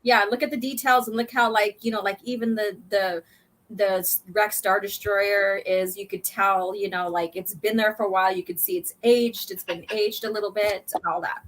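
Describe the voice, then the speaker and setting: A woman's voice: mid-range voice, fairly even intonation, moderate pace. A woman hosting a casual chat, reading a comic aloud, chatty and giggly. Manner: giggly, chatty, reads dialogue in voices. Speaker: podcast host.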